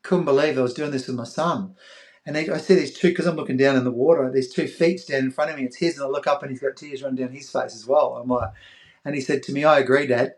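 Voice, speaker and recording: Speaking fast at a medium pitch, a former athlete, a middle-aged Australian guest on a podcast, relates an emotional story. He mimics the voices of others energetically and lowers to a soft tone at tender moments.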